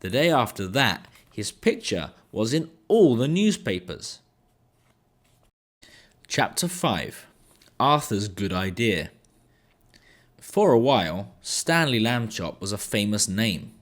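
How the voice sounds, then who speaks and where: Man reading a children's story aloud, low voice, lively swings, slow pace. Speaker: English teacher.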